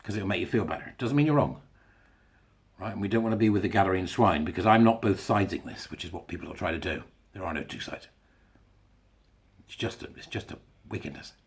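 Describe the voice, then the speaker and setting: A man's voice: deep voice, animated, fast, long pauses. A man hosting his own show, talking to listeners in a blunt, jokey way and laughing at his own jokes. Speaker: podcast host. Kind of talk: casual monologue.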